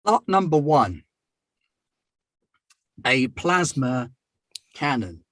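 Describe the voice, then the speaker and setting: A man's voice: mid-range voice, very animated, drawn-out words, a bit bright, no room sound. A man running a tabletop game as game master, narrating matter-of-factly with wry asides.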